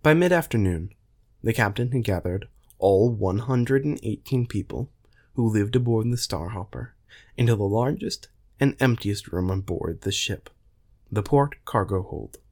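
A man narrating a science fiction story in a measured, plain way. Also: fairly low pitch, expressive, a little mellow. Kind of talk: storytelling reading.

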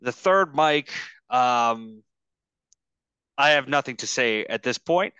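Bright, smooth-voiced man rambling casually. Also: medium pitch, expressive, no room sound, lo-fi sound. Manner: rambling, halting with many fillers. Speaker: podcast host. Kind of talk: casual chat. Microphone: video call.

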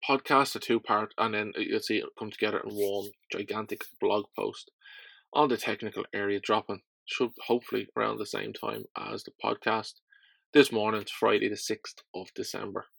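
A man's voice: on the low side, flat delivery, moderate pace, vocal fry, a bit bright, husky, dry recording. A man with a cold, talking in a stuffy, nasal voice as he hosts a casual solo podcast, rambling with fillers and restarts. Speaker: podcast host.

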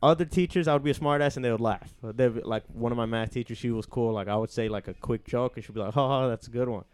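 A man's voice: medium pitch, fast talker, smooth. Profane young man telling stories. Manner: profane, animated, acts out quoted dialogue. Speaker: podcast co-host. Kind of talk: casual storytelling chat.

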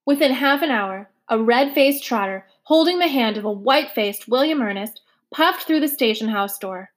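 A woman reading a novel aloud for listeners to follow along, in a steady storytelling manner. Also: fairly high pitch, normal speed. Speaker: reader.

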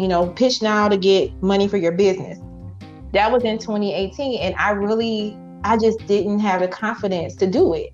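A woman entrepreneur telling her story in a casual, animated way, acting out her own past lines. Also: mid-range voice, muffled recording. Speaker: entrepreneur guest.

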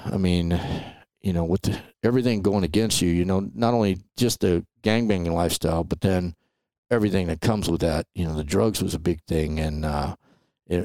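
A middle-aged Los Angeles man, appearing as a podcast guest, tells stories in a casual, animated interview and keeps dropping "man" and "right?". His low, gravelly voice has vocal fry and comes across brisk. The recording is dry and close-miked with no room sound.

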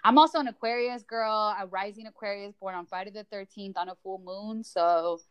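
A woman guest on a podcast, talking in a relaxed, chatty way, full of fillers. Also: mid-range voice, fairly quick, smooth, highs cut off. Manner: relaxed, chatty, lots of likes and you-knows. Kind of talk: casual podcast chat.

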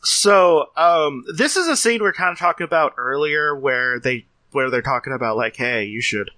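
A man co-hosting a podcast, chatting casually and animatedly with quick asides. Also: fairly high pitch, expressive, bright, forceful tone, no echo. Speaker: podcast co-host. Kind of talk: casual chat.

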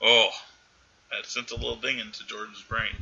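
A man's voice: on the low side, little pitch movement, moderate pace, creaky, sharp tone, breathy edge, highs cut off. A man co-hosting a casual podcast, animatedly retelling a film's scenes and acting out its characters' lines. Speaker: podcast co-host. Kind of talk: casual movie recap chat.

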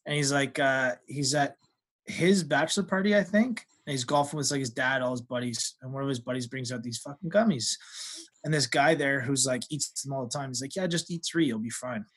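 A young man who is a guest on a podcast, telling stories in casual chat, swearing freely and animated. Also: medium pitch, fairly quick. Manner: profane, animated storyteller.

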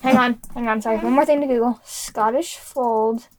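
A woman co-hosting a casual podcast, excitable and jokey, gushing over pictures. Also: on the high side, racing, poor audio. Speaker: podcast co-host. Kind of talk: casual chat.

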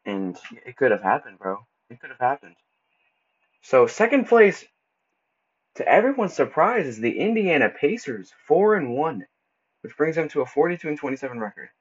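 A man hosting a casual solo podcast, talking loosely and stumbling over words as he goes, with relaxed slang. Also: fairly high pitch, moderate pace, slightly rough. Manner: casual, stumbles and restarts often; laid-back slang like bro and dude. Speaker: podcast host. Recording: dull lo-fi recording.

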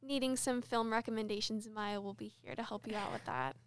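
A woman's voice: on the high side, fairly even intonation, a little fast. A teenage girl co-hosting a casual podcast, upbeat and teasing, with lots of "like" and "um". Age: teens. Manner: upbeat, teasing, uses fillers like "like" and "um". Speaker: podcast co-host.

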